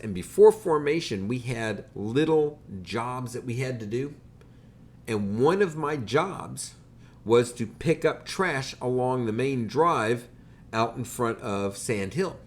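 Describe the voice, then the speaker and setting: Podcast guy telling a story, bouncy expressive pitch, dry jokey delivery. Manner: animated, wry anecdotal telling. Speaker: podcast host. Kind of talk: casual storytelling.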